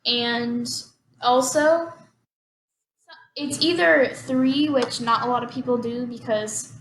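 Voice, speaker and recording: A woman's voice: a little high, steady tone, slow pace. A woman co-hosting a podcast, explaining hesitantly and filling her sentences with "like". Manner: hesitant, heavy use of "like". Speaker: podcast co-host. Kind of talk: casual podcast chat. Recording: roomy echo with faint background hum.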